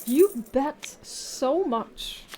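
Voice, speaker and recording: A woman's voice: high voice, animated, very slow, slight background noise. A woman streamer commentating her own play live, talking to the game, swearing, laughing and thinking aloud between moves. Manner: talks to the game, swears, shifts from muttering to yelling.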